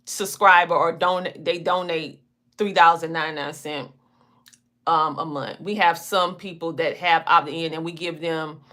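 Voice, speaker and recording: A woman from a small Southern country town hosts a podcast, chatting casually and telling down-home stories in a Southern twang with homey phrasing. Her voice is low with a fairly bright tone, fairly even intonation, and a moderate pace.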